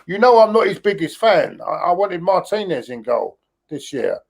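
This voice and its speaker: A man's voice: high voice, very animated, normal speed, creaky, breathy edge. A man joining a football fan stream by video call, giving sarcastic, firm opinions. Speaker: guest pundit. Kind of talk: casual football fan chat. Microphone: video call over weak internet.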